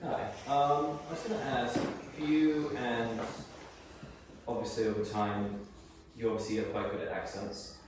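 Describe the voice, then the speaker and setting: A man's voice: mid-range voice, flat delivery, unhurried, noisy background. A man in the audience asking a question, hesitant and full of fillers. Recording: roomy hall, distant mic.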